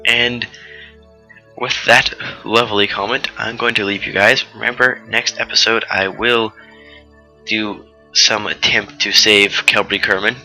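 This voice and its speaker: A man's voice: on the low side, bright, forceful tone, poor audio. A fifteen-year-old boy giving a rambling, casual voice-over for his gameplay video, full of fillers and asides about going off topic. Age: 15, teenager. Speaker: let's-play commentator.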